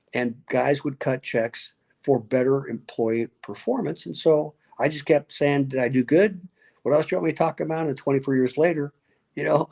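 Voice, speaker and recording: A middle-aged man from Nevada, a pastor and speaker, tells stories in an interview. His voice is gravelly and his pitch sits in the middle. He acts out the voices of people he quotes and laughs often. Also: warm tone. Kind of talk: animated storytelling interview.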